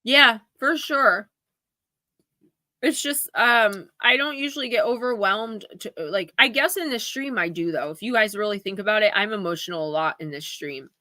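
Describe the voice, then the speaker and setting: A woman with a bright, forceful voice gives oracle card readings on a live stream and speaks straight to her audience. She sounds teary and sniffles between thoughts, and she stays chatty and open the whole time. The sound is close and dry. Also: mid-range voice, a little fast, hardly any pauses, no echo. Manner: chatty, emotional, talks straight to viewers. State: tearful, sniffling.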